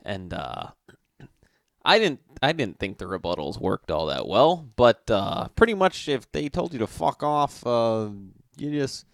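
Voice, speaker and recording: A man co-hosting a livestream, telling stories in casual chat with an animated delivery and plenty of swearing. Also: medium pitch, unhurried, gravelly, dry recording, studio quality. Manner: animated storyteller, swears freely. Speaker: livestream co-host.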